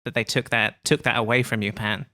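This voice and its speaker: A man's voice: mid-range voice, flat delivery, a little fast, bright, forceful tone, no echo, clean studio sound. A man hosting a podcast, chatting casually and telling playful anecdotes. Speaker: podcast host. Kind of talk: casual chat.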